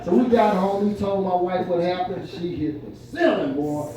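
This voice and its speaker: A man's voice: sits high, moderate pace, few pauses, mellow. An older man doing stand-up, telling folksy stories and laughing at his own punchlines. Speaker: stand-up comedian. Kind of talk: stand-up storytelling. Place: winery event room with live audience. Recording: echoey room from far off, crowd laughter.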